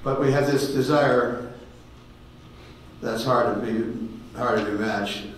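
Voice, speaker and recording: A man in his eighties giving a personal testimony sermon, halting and repeating words as he tells stories. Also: mid-range voice. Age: 80s. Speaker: guest speaker giving testimony. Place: ministry meeting room with audience. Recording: very echoey hall, distant mic, faint noise.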